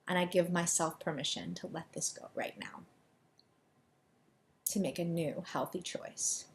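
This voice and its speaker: There's a gravelly, somewhat low quality to this woman's voice as she coaches people through EFT tapping. She deliberately moves fast, offering gentle quick instructions and affirmations to repeat, with faint noise behind her.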